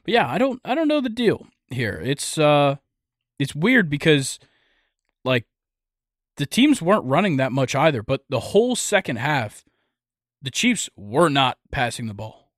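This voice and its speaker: Young dude rambling on a sports podcast, jokey, tons of ums, dry close sound. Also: male voice, fairly high pitch, big pitch swings, a little slow, fairly bright tone, no room sound. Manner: rambling, jokey, lots of fillers. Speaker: podcast host. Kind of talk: casual sports podcast chat.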